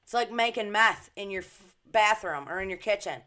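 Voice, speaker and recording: A woman on her own channel, ranting to her followers about the news with indignant emphasis and plenty of swearing. Her pitch sits in a middle range. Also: animated, normal speed, pushed and bright. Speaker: social media commentator. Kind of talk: casual ranting commentary.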